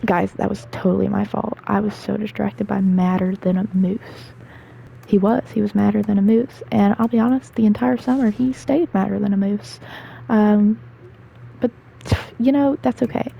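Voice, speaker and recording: A woman's voice: mid-range voice, steady tone, moderate pace, creaky, dull audio, a little hiss or hum. A woman in her twenties, rambling through casual stories with lots of fillers while she plays a game. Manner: chatty, rambling with fillers and asides. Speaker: gaming storyteller. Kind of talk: casual storytelling while gaming.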